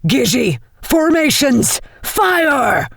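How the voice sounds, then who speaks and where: A woman with a British accent reading an audiobook in a measured, expressive way from a tiny booth. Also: sits high, vocal fry, background noise. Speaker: audiobook narrator. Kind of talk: audiobook narration. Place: small recording booth under the stairs.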